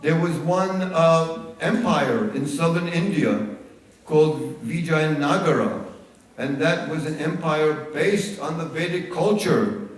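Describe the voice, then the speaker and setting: A man telling a devotional story as a sermon in a large temple hall, unhurried and dotted with fillers and restarts. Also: on the high side. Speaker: religious storyteller. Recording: echoey hall, voice far from mic.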